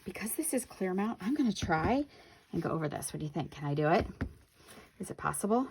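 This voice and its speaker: A woman's voice: on the low side, lively intonation, a little fast, a little mellow, a little hiss or hum. A woman demonstrating a paper craft on camera, chatting with viewers and correcting herself as she works. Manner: chatty, talks to viewers while working, self-correcting. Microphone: camera on the craft table.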